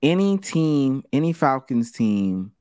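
A man on a podcast talking sports in a casual, profane way. His pitch sits in a middle range but swings widely as he gets worked up. The sound is dry and close, with no room echo. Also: slow, clear, resonant tone. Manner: animated, profane, laughs mid-sentence. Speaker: podcast co-host.

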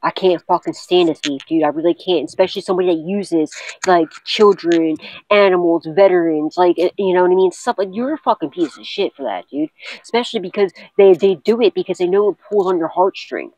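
A woman's voice: lowish voice, brisk, mellow, rough recording. A woman tarot reader in a casual vlog, talking bluntly and cursing often while she repeats urgent warnings to her viewers.

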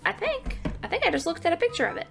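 A woman's voice: extremely high pitch, big pitch swings, rapid-fire, creaky, over music. A young woman hosting a casual Minecraft let's play, playful and chatty, often squealing over cute animals and repeating a silly oink catchphrase. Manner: playful, keeps saying oink oink oink. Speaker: gaming channel host.

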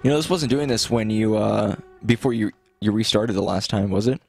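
A man's voice: fairly low pitch, a little fast, creaky, faint music behind. A young man co-hosting a couch co-op let's-play, chatting in a laid-back, rambling way with plenty of hesitations. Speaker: gaming channel co-host. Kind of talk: casual let's-play chat. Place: living room couch, gaming in person.

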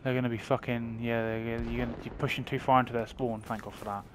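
A man's voice: medium pitch, flat delivery, fast. A man swearing and ranting about the game while playing, over noisy live comms. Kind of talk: profane live gameplay chat. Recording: noisy gameplay capture. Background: game sounds and gunfire.

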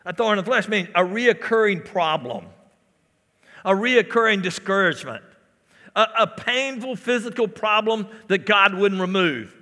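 A pastor's high, sharp voice rings out at normal speed with lively intonation, trailed by long reverb in the church sanctuary. His sermon leans on repeated phrases and call-outs to the congregation.

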